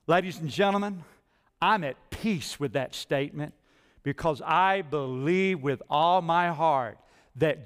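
A male pastor preaching a sermon in a church, moving between quiet asides and loud, rising declarations. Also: a little high, measured pace, clear, resonant tone, in a large hall. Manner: dynamic preaching, swinging from soft asides to loud climbs. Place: church sanctuary.

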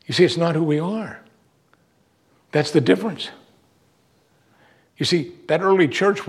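A man preaching a sermon, earnest and emphatic, pushing his voice up on key words. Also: mid-range voice.

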